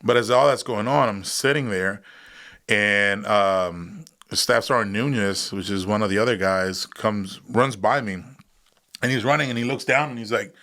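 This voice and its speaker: A man in his thirties with a somewhat low voice, talking as a podcast guest. He tells his story in a loose, casual way, jumping into the voices of the people in it and laughing as he goes. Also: normal speed. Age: 30s. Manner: animated, acts out voices in his stories, laughs often. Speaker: guest, combat veteran.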